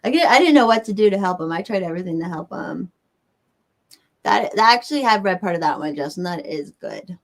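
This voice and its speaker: A woman's voice: lowish voice, expressive, a little fast. A woman with a Southern American accent, hosting a livestream and chatting casually with viewers in a rambling way. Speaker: livestream host. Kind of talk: casual chat answering viewers.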